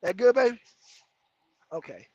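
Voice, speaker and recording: A trucker chats casually on a livestream from the cab of a heavy truck on the road, rambling, joking and answering viewer comments between driving remarks. His voice is extremely high-pitched with lively intonation and a measured pace, and the recording is dry and lo-fi.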